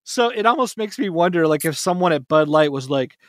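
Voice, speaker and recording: A man's voice: a little high, expressive, no echo, studio quality. Upbeat man hosting a sports podcast. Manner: jokey, upbeat, quick laughs. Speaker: podcast host. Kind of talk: casual podcast chat.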